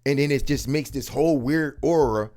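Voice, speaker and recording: A man hosting a reaction commentary, talking in casual slang with profanity and swinging into loud emphatic outbursts. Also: medium pitch, moderate pace. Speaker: commentary host.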